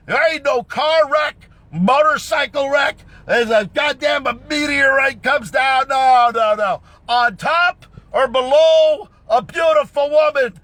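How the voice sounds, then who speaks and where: Brash, hollering high-voiced man. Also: slow pace, no room sound. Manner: loud, boastful, brash, swaggering; frequent shouting and hollered whoops. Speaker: locksmith. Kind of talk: unscripted live rant.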